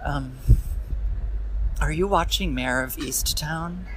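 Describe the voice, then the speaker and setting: A man's voice: fairly high pitch, slow pace, a bit bright, rough recording. A man talking into his phone as he walks down a city street, rambling in a self-deprecating way with many fillers and restarts. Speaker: podcast host walking and talking. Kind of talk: rambling walk-and-talk monologue. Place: outdoors on a busy city street, walking. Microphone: phone held while walking. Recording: street noise behind the voice.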